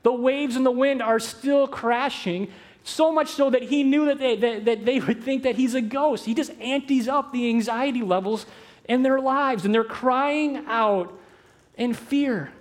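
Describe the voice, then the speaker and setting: A man preaching a sermon as pastor, animated, moving between loud emphasis and hushed, slow phrases. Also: extremely high pitch. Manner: quick asides mixed with slow, drawn-out phrases.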